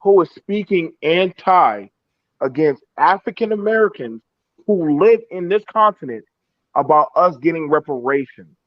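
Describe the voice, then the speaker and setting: A high, lively voice from a man arguing on a live stream, halting and restarting, then pressing each point hard. The audio is dry and dull, like a cheap mic. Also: no echo. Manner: halting, emphatic, many restarts. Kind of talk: heated live-stream debate.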